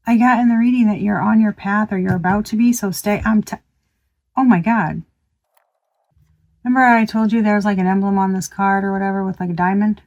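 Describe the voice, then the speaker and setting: A woman's voice: medium pitch, darkish tone, poor audio. A woman reads tarot for her viewers in a loose, chatty way. She is exclamatory and swears freely. She thinks aloud, trailing off mid-sentence and starting over. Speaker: tarot reader. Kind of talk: casual tarot reading to viewers.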